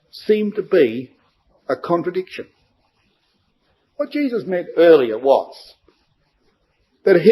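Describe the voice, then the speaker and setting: A man's voice: high voice, a little mellow, husky, rough recording. A man giving a verse-by-verse Bible study to a congregation, emphatic and full of rhetorical questions.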